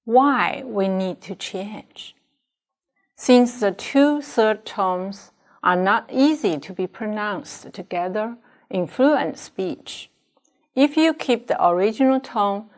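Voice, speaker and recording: A woman who teaches Chinese, a native speaker with a Chinese accent, gives slow, careful classroom instruction. She deliberately models pronunciation for students to repeat, using a medium pitch and lively intonation.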